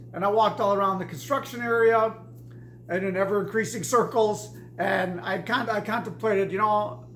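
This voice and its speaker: A woman's voice: fairly high pitch, a bit bright, echoey room, a little hiss or hum. A woman casually telling a personal story in a rambling way, with many restarts and repeats.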